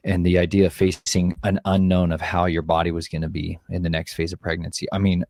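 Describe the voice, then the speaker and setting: A man co-hosting, talking earnestly and reflectively about family life, measured and searching for words. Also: low voice, flat delivery, vocal fry, a little mellow, no echo, studio quality. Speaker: co-host sharing family story. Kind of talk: reflective personal talk.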